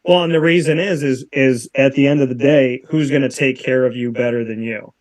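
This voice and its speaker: A man's voice: medium pitch, fairly even intonation, brisk. A man in his thirties hosting a talk show, speaking emphatically and repeating phrases for effect. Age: 30s. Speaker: show host. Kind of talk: casual talk show chat.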